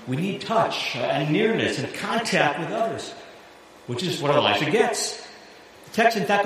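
A man preaching a sermon as pastor, animated and laughing at his own jokes. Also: a little high. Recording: echoey hall with long reverb, faint hiss.

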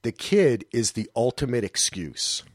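A man in his thirties hosting a podcast, chatting casually and loosely, with animated asides. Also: mid-range voice, measured pace, no room sound, clean studio sound. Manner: loose, rambling, breaks into animated voices for anecdotes. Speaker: podcast host.

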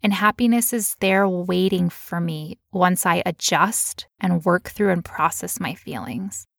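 A woman's voice: lowish voice, a little slow, gravelly, no room sound, studio quality. A woman telling a personal story in casual chat, candid and emotional, now and then putting on playful voices.

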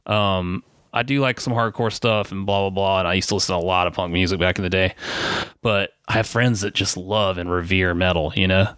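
A man with a fairly low voice talks in a relaxed, meandering way on a podcast, full of "um" and "like". The sound is dry and close, with no room around it. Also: a little fast, clean tone, no echo. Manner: rambling, filler-heavy, laid-back. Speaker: podcast co-host. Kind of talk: casual chat.

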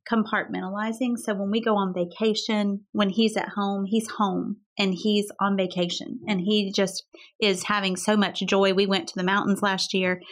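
A middle-aged woman chats affectionately on a podcast, teasing gently and praising warmly. Her voice sits at an ordinary middle pitch, relaxed and conversational. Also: moderate pace. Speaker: podcast co-host. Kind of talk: casual chat.

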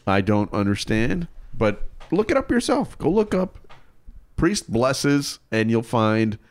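A man co-hosting a casual podcast, telling stories and joking with animated outbursts. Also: medium pitch, slow. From Chicago area, Illinois. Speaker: co-host.

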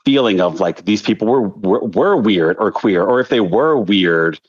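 A man's voice: fairly low pitch, lively intonation, moderate pace. A man in his thirties from the Philadelphia area, a choreographer chatting as an interview guest, telling stories animatedly with many restarts. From Delaware County outside Philadelphia, USA. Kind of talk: casual interview chat. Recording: dull lo-fi recording.

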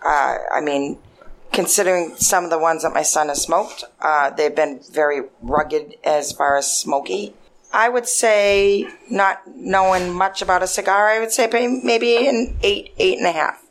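A woman's voice: lowish voice, unhurried, poor audio. A woman guest giving a hesitant, thoughtful cigar rating on a casual podcast. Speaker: guest reviewer. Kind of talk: casual chat.

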